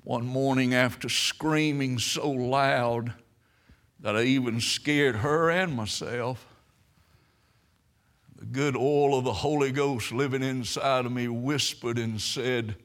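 A man preaching a sermon, telling stories and swelling into loud, emphatic preaching. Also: mid-range voice, slow pace.

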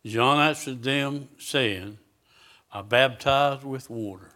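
Man preaching a sermon; unhurried, pointed delivery, leaning on each phrase, mid-pitched voice. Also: bright, forceful tone. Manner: slow, emphatic scripture reading with rising intensity; asks the congregation direct questions.

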